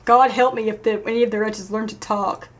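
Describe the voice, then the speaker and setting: A fairly high-voiced woman streaming a game live and talking her way through it. She chats as she goes, swears freely, and jumps from sudden loud outbursts to low muttering under her breath. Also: fairly even intonation, brisk, slight background noise. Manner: chatty, thinks aloud, swears, swings from loud outbursts to mutters. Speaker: let's play streamer. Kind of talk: casual gameplay commentary.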